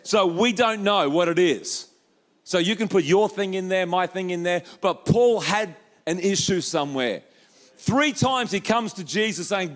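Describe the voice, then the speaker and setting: Aussie pastor guy, fairly high voice, animated preaching with jokey bits. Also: moderate pace. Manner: animated, acts out quoted voices, jokey asides. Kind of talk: sermon. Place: church hall.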